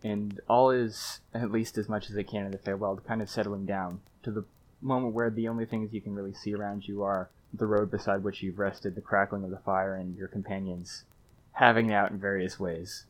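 A man's voice: lowish voice, level tone, brisk. A man narrating as game master, searching for words with frequent fillers and restarts.

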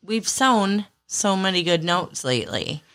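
A woman's voice: on the low side, animated, unhurried, fairly bright tone. A woman with a Michigan accent co-hosting a podcast in casual chat, chatty and freely vulgar. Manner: chatty, swears freely, laughs easily. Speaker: podcast co-host.

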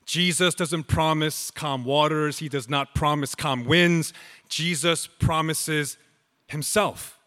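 Pastor, male, slow emphatic sermon delivery, bright tense tone, reverberant hall. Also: a little high, fairly even intonation, soft background music. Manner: slow, emphatic preaching with dramatic pauses.

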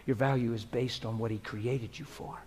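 A pastor preaching a sermon to a congregation in a room, talking straight to the people in front of him. He swings from soft, hushed prayer to loud, lively preaching. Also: mid-range voice, normal speed, a little hiss or hum. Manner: earnest, conversational preaching, addressing the room directly. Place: church hall before a congregation.

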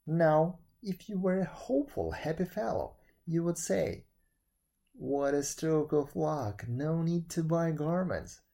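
A man voicing a kindly but scolding male fairy elder in a storybook reading, lively and jovial. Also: fairly high pitch, slow, gravelly, heavily acted.

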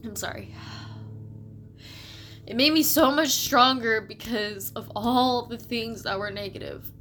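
A young adult woman in a personal, reflective monologue, speaking in a halting, emotional way and close to tears. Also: on the high side, fairly bright tone, a little hiss or hum. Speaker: vlogger.

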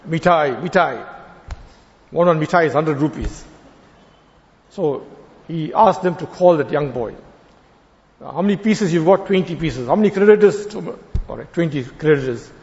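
A man preaching a sermon, telling a story and acting out the voices of its characters with lively animation. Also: on the high side. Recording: long hall reverb, dull lo-fi sound.

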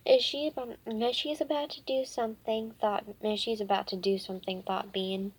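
A woman reading a children's book aloud, halting often with fillers and restarts. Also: medium pitch, fairly even intonation, husky. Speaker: reader.

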